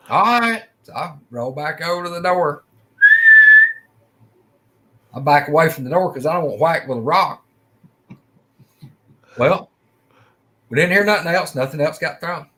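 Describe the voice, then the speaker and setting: A man's voice: a little high, a bit bright. A middle-aged man telling a personal story in a folksy, rambling way, acting out quoted lines. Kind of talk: casual first-person storytelling.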